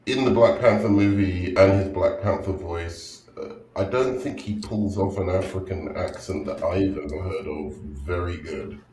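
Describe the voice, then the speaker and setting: Deep male guest, blunt opinions, echoey room with faint hiss. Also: moderate pace, hardly any pauses. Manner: blunt, opinionated, trails off quietly. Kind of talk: casual podcast chat.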